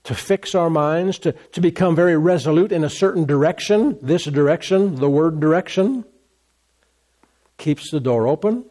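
A man preaching a sermon as a pastor, animated, acting out complaining voices along the way. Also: fairly high pitch.

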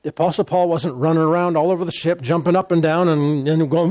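Emphatic male preacher, slightly high voice. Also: fairly even intonation, fast, darkish tone, dry recording, studio quality. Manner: emphatic, repeats key phrases. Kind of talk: sermon.

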